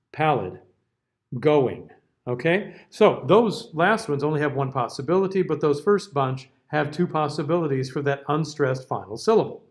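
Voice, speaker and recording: Man teaching diction, a bit high. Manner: patient, conversational, models sounds aloud. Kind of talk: classroom lecture.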